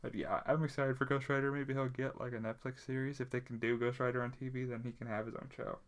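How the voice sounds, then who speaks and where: A man's voice: medium pitch, flat delivery, quick pace. A man co-hosting a casual podcast chat, rambling with plenty of fillers and restarts. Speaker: podcast co-host.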